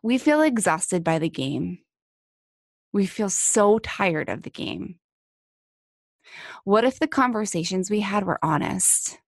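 Earnest woman podcaster with vocal fry. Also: medium pitch, sing-song, slow pace, long pauses, no echo, studio quality. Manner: earnest, emphatic, repeats phrases for stress. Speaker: podcast host. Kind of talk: heartfelt solo podcast monologue.

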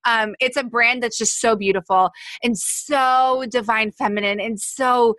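A woman hosts a podcast, gushing over her guest with effusive excitement. Her voice is bright and a little high. The sound is dry and close. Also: unhurried, no room sound. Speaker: podcast host. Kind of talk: casual interview chat.

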